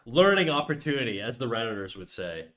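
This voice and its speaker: A man's voice: medium pitch, very animated, a little fast, a bit bright. A young man chatting casually on a live stream, joking crudely and rambling with frequent restarts. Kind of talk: casual livestream chat. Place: home room.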